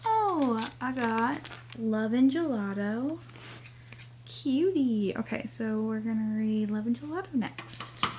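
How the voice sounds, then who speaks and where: A young woman chatting casually to camera about her reading, tired and sleepy late at night, often dropping to a hushed near-whisper so her family won't hear. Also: fairly high pitch, lively intonation, slow pace. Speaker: book vlogger. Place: home at night with family nearby.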